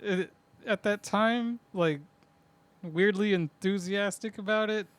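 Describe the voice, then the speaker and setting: A man's voice: sits high, slow, no room sound. A man co-hosting a podcast, chiming in on a horror movie chat with wry quips and chuckles. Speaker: podcast co-host.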